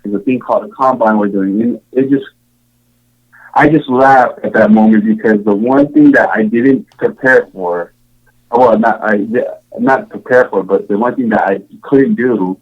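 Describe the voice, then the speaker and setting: With a lowish voice at a moderate pace, the Samoan podcast guest, who was a show contestant, tells his story in a loose, meandering way. The recording is muffled, and his speech is full of fillers and restarts.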